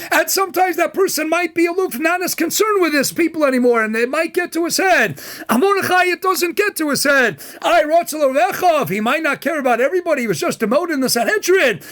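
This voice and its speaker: A man, a rabbi, giving a Torah lecture in an impassioned style, often raising his voice to a shout and acting out quoted voices. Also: very high voice.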